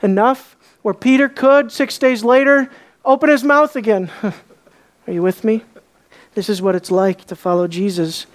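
A woman preacher delivering a sermon. She asks many rhetorical questions, repeats key words for emphasis, and moves between soft, low stresses and excited rises.

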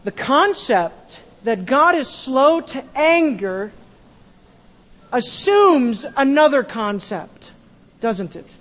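Man preaching, very high voice, emphatic, repeats lines, loud then hushed. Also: sing-song, slow pace, long reverb tail. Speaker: pastor. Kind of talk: sermon.

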